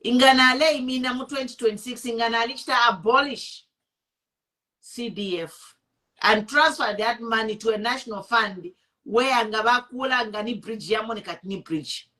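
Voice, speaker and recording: Zambian lady ranting on her online show, bright forceful voice, switches english and bemba. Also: fairly high pitch, normal speed. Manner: indignant, mixing English with Bemba. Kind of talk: impassioned political commentary.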